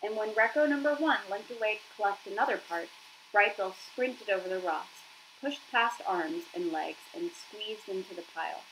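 A woman's voice: mid-range voice, moderate pace, a little hiss or hum, rough recording. Woman reading a children's novel aloud. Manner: expressive storytelling.

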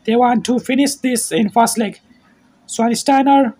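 A man calls a football match play by play in a high voice. He talks slowly and keeps it terse, mostly just naming players as the ball moves. At the big moments he shouts. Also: husky. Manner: terse name-calling play-by-play, shouts at goals. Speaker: football commentator.

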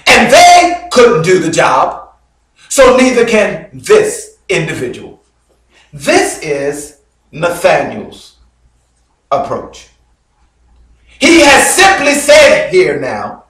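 High-voiced preacher in an echoing church. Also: male voice, very animated, slow pace. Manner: dramatic storytelling, swings between loud bursts and low drops. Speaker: bishop preaching. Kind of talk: sermon. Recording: very echoey hall, mic far off.

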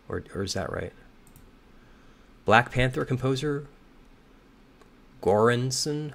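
A slightly hoarse man mutters through a crossword, reading each clue aloud and doubting his answers. His voice is gravelly and fairly low, and he talks at an unhurried, drawn-out pace. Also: a bit bright. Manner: muttering, hesitant, reads clues aloud and second-guesses. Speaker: crossword solver. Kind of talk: thinking aloud while solving.

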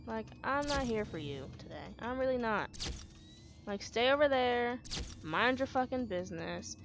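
A woman's voice: a little high, animated, moderate pace, noisy background. A woman hosting a let's play, talking in an exasperated, slangy way full of swearing. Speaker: gaming channel host.

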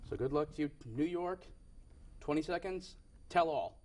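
A man's voice: fairly high pitch, moderate pace, a little mellow. A young man hosting a game show in a TV studio, with upbeat patter and frequent self-corrections.

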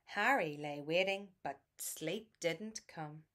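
A woman reading a children's bedtime picture book aloud in a soft, soothing, lilting way. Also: deep voice, takes it slowly. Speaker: storybook reader.

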